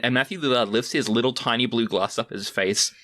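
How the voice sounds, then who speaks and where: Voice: mid-range voice, fairly quick, a bit bright. A podcast guest chatting casually about a film, describing scenes and outfits in detail. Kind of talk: casual chat recapping a film.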